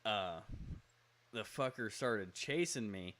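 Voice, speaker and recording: A man telling a rough story in a slow, drawling, profane way during a casual podcast chat. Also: lowish voice, animated, very noisy.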